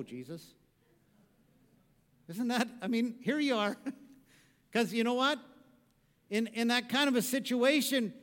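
A man preaching a sermon, swinging from hushed, low passages to loud, rising exhortation. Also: long reverb tail. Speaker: pastor.

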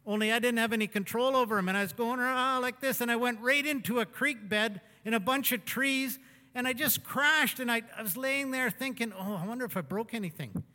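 A man's voice: extremely high pitch, fairly quick, pushed and bright, clean tone. A man telling folksy, rambling stories with self-mockery in a sermon talk to a congregation. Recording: long hall reverb.

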